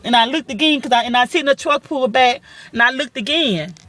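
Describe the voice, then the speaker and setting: A woman telling a personal story to her viewers in a casual, profane, animated way, her voice jumping high when she quotes herself. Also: a little fast, dry recording.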